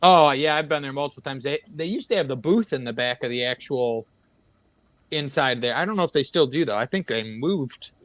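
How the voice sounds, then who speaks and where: A man's voice: mid-range voice, a little fast, no echo. A man in casual chat, telling rowdy stories with lots of swearing and acted-out quotes. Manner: animated, profane storyteller acting out quotes.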